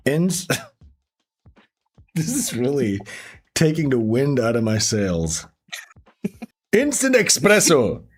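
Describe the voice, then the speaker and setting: A man hosting a stream, reacting to a clip in casual, animated talk, swearing and laughing often. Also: mid-range voice, takes it slowly, pauses often, soft background music. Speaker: stream host.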